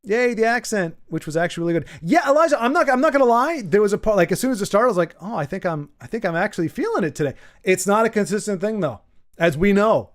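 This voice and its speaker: A man's voice: high-pitched, lively intonation, fast. A man hosting a casual stream, reading out chat and thinking aloud, rambling and often repeating words as he goes. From United States. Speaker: livestream host reading chat.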